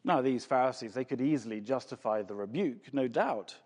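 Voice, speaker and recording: A man's voice: medium pitch, fairly quick, darkish tone. A man preaching a sermon with emphasis, asking rhetorical questions and repeating words for effect. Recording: long reverb of a large hall.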